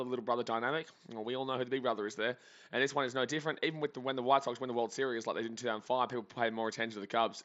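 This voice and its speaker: A man rambles cheerfully through live baseball reactions, joking with his viewers. His voice is bright and forceful, at a middle pitch. The audio is slightly dull and lo-fi. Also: fairly even intonation, very fast. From Australia. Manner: chatty, rambling, jokey. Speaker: sports streamer. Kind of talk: live game reaction commentary.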